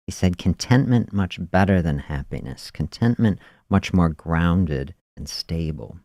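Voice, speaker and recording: Deep-voiced man musing, dry sound. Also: darkish tone, dry recording. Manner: musing, unhurried, peppers with "you know" and "see". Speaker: podcast host. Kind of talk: reflective spoken monologue.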